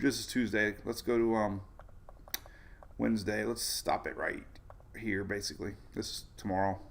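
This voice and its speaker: A man's voice: fairly low pitch, steady tone, moderate pace, vocal fry, long pauses. A man hosting a casual weather livestream, walking through maps and rambling off topic in a chatty way. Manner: talks over weather maps on screen. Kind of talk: casual tropical weather briefing.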